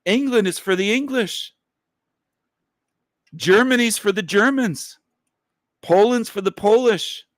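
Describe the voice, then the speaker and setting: A man's voice: sits high, slow, pauses often, no room sound. Man ranting on a dry livestream. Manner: emphatic, profane, repetitive ranting. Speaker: livestream host. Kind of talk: livestream commentary rant.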